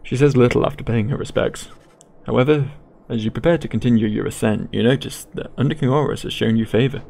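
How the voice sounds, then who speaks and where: A man's voice: mid-range voice, quick pace, vocal fry, darkish tone. A man reading game text aloud with playful asides while he plays. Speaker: gaming YouTuber. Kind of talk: game narration and commentary.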